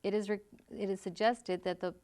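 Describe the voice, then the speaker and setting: A woman co-hosting an educational talk, calm, giving brief answers and soft murmurs of agreement. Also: mid-range voice, fairly quick, clean tone. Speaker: co-host. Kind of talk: casual educational discussion.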